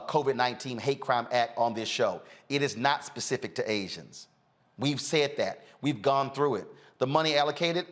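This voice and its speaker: Casting: outspoken male host, combative rants, mid pitch. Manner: blunt, combative, animated rants with filler "uh". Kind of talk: outspoken talk show commentary.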